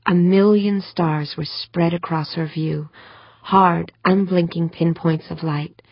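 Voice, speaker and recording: A woman narrating a novel in an even, measured way, in a dull, dry recording. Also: lowish voice, dry recording. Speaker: audiobook narrator. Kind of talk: scripted narration.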